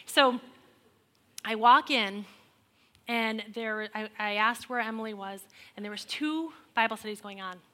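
This testimony speaker, a woman in her forties, turns her faith story into humor for an audience, speaking a little slowly with long pauses. Her voice is bright and fairly high, her delivery animated and exasperated as she voices the characters in her tale.

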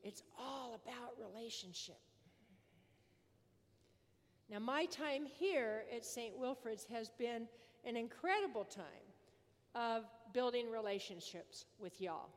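Speaking at a moderate pace with a fairly high voice, a woman priest preaches earnestly, repeating phrases for emphasis. The big church she's in gives her words a long, echoing reverb.

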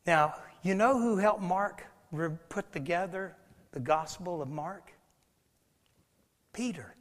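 High-voiced preacher in a reverberant hall. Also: male voice, takes it slowly. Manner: animated storytelling, swings from loud to hushed. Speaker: pastor. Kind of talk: sermon.

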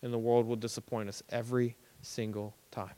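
A young man giving a casual, conversational sermon as a preacher, animated and acting out everyday reactions. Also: medium pitch, a little fast. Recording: long hall reverb.

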